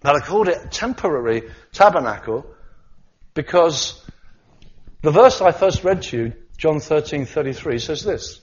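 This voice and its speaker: A man preaching a sermon, animated, acting out the voices of the disciples as he talks. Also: fairly high pitch, normal speed, muffled recording.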